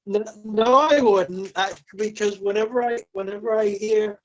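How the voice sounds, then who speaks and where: A woman's voice: mid-range voice, dull audio. Curious woman asking questions. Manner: curious, asks questions, halting restarts. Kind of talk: casual chat.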